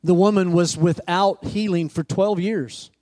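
A man's voice: high voice, steady tone, unhurried, darkish tone. A male pastor preaching a sermon, calling out questions to his congregation as he retells scripture. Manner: preaching with rising emphasis and call-outs to the congregation.

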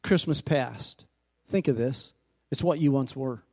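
A pastor preaching a sermon in a church who calls out for amens and asks the congregation questions. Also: male voice, mid-range voice, measured pace, a little mellow. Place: church sanctuary.

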